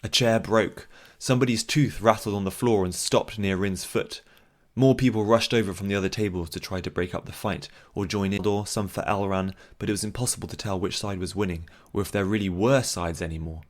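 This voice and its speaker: Audiobook narrator, man, very deep voice, measured fantasy storytelling. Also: fairly even intonation.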